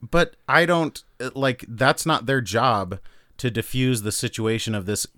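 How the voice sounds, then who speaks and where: A man's voice: mid-range voice, measured pace, a bit bright, dry recording, studio quality. A man co-hosting a podcast in casual chat, pushing back incredulously. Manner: incredulous, pushes back with many restarts. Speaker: podcast co-host.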